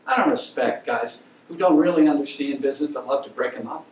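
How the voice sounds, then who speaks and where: A man's voice: medium pitch, fairly quick. Older man lecturing in a roomy hall. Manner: emphatic storytelling, blunt and opinionated. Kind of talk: anecdotal lecture. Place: lecture room. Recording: roomy, distant mic with faint hiss.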